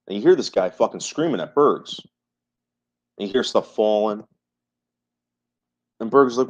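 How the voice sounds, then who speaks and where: A man's voice: medium pitch, normal speed, pauses often. A man chatting on a livestream, repeating his phrases emphatically and swearing freely. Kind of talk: casual livestream chat. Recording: muffled lo-fi livestream audio.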